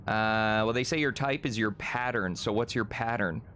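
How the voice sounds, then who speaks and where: A man's voice: lowish voice, normal speed, pushed and bright, a little hiss or hum. A young man chatting casually on a live stream, reading chat, rambling, laughing often and swearing freely.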